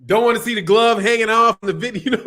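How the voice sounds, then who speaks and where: A man's voice: extremely high pitch, brisk, fairly bright tone. A man hosts a casual boxing livestream. He talks loosely and profanely, laughing often. He breaks off to read out super chats. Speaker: boxing channel host.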